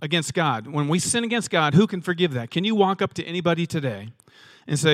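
A man's voice: a little high, animated, fast, no echo. A man preaching a sermon in a conversational way, asking rhetorical questions and often repeating words. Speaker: pastor.

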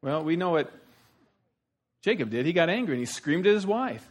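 A middle-aged man preaching a sermon, telling the story in a folksy, animated way with sudden loud outbursts. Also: fairly high pitch, moderate pace. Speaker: pastor.

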